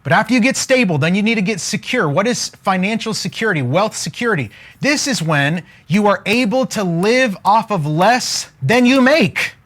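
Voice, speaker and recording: A man coaching on wealth during a live stream, energetic and casual, joking and preacher-like as he keeps asking viewers to comment. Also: sits high, moderate pace.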